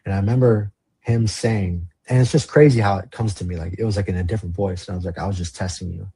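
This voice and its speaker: Podcast guest from the Valley, low raspy male voice, casual storyteller who swears and rambles. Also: quick pace, warm tone. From Los Angeles, San Fernando Valley. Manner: casual, rambling, swears, heavy use of "like" and "you know". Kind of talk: candid storytelling interview.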